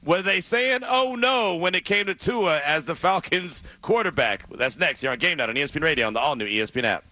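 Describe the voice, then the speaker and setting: A man's voice: on the high side, animated, fast, pushed and bright, slight background noise. A man co-hosting a sports radio show, talking energetically and emphatically and repeating himself for stress.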